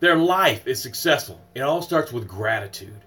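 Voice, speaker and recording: A man's voice: medium pitch, animated, moderate pace. A man hosting a morning motivational livestream, emphatic and repetitive, greeting viewers by name and guiding breathing exercises. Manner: swings from loud exclamations to soft breathing guidance. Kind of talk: motivational live stream talk.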